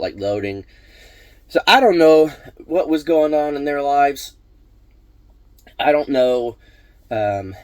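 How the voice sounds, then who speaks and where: Hombre contando una anécdota, voz seca. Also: male voice, lowish voice, darkish tone, no room sound. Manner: rambling, many fillers and restarts. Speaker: vlog host. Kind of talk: casual storytelling.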